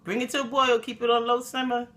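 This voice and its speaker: A woman from New York hosting a casual TV review chat, talking in an animated, slangy, emphatic way. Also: fairly high pitch, quick pace. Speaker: host.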